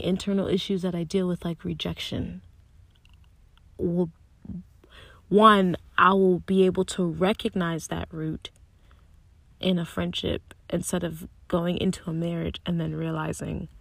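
A young woman speaking candidly and earnestly about her faith, thinking aloud with restarts and soft asides. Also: fairly low pitch, vocal fry, no echo. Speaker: Christian speaker sharing personal reflections. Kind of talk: candid personal reflection.

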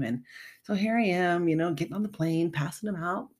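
A woman's voice: fairly low pitch, animated, brisk, a little mellow, breathy edge. A woman hosting a podcast and working as a mental health coach, telling a personal story in a chatty, heartfelt way with lots of fillers and laughs. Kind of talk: casual storytelling monologue.

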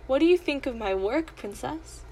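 A woman voicing a sly, smooth-talking old male merchant who flatters like a showman in a storybook reading. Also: high-pitched, normal speed, a little hiss or hum, voice pushed up, low-quality recording.

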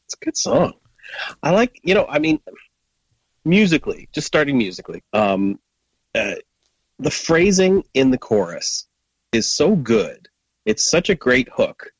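Brief: male co-host, lively pitch, eager, many restarts, dry close mic. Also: measured pace, long pauses, slightly rough, no room sound, rough recording. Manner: enthusiastic, searching for words, many restarts. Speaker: guest co-host. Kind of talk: casual music chat.

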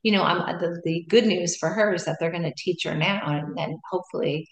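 A woman's voice: on the low side, a little fast. A middle-aged woman, a meditation and yoga teacher, chatting casually as a guest in loose, trailing sentences full of restarts. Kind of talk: casual interview chat. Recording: roomy echo.

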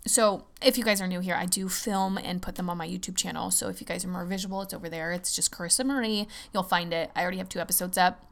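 A young woman hosting her own podcast, chatting casually and excitedly, talking fast and cursing often. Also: on the low side, gravelly. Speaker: podcast host. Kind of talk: casual solo podcast chat.

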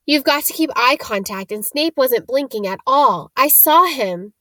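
A clever, bookish schoolgirl argues her point insistently, as a woman reads her lines. The voice is slightly high and recorded dry. This is a storybook reading. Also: lively intonation, measured pace, no echo, full character voice. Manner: forceful, insistent. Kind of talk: reading character dialogue in a storybook.

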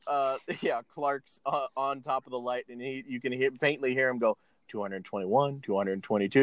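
A man's voice: mid-range voice, clean tone, no room sound. Dry-sounding man recapping a movie, laughing. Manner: laughs often, acts out lines while retelling. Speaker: podcast co-host recapping a film. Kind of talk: casual chat.

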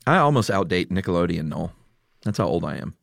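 Middle-aged guy hosting a chatty podcast, lowish voice, dry close mic, laughs a lot. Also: big pitch swings, fairly quick, gravelly, dry recording. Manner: laughs often, reads listener picks aloud. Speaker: podcast host. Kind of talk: casual chat.

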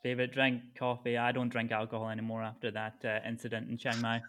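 A man's voice: medium pitch, monotone, fairly bright tone, a little hiss or hum. Hesitant Scottish man chatting casually. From Scotland. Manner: halting, many fillers and restarts, offhand. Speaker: stand-up comedian, podcast guest. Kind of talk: casual interview chat.

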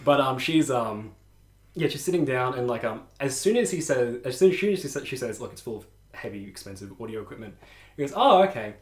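A young man telling a story in casual podcast chat, animated and laughing, with many restarts. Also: medium pitch, brisk. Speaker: podcast co-host. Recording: echoey room.

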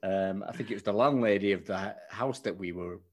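A man's voice: lowish voice, fast talker, a little hiss or hum. A man hosting a casual podcast interview over a video call, chatty and bantering with his guest. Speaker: podcast host.

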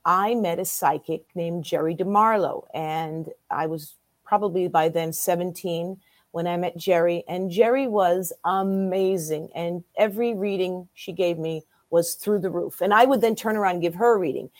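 A woman in her sixties, a guest in an interview, telling her story in a lively way and acting out what other people said. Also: on the low side, normal speed, dry recording. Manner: lively storyteller who acts out quoted voices.

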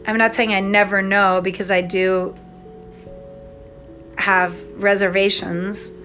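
Slow-talking rambling woman podcaster. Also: medium pitch, flat delivery, pushed and bright, faint music behind. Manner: rambling, tangential, spontaneous. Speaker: podcast host and online English tutor. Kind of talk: rambling spoken-aloud voice memo. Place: home, Minnesota. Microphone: phone.

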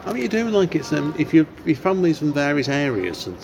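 In a library café, a podcast host chats casually through an interview, rambling and using many fillers while café crowd chatter fills the background. His voice is fairly high and sing-song with vocal fry, and he speaks quickly over the noise.

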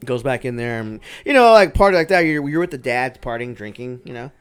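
A man in his thirties hosts a casual podcast, animatedly telling a story full of swearing and acted-out quotes. His medium-pitched voice is clear and resonant, and he talks a little fast.

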